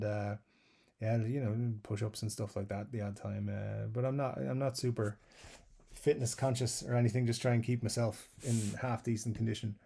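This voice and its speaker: A man's voice: medium pitch, creaky, warm tone. A man hosting a live guitar stream, reading out viewer comments and answering them in a loose, rambling way with lots of fillers and chuckles. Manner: rambling, self-described waffler, many fillers. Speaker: guitar channel host.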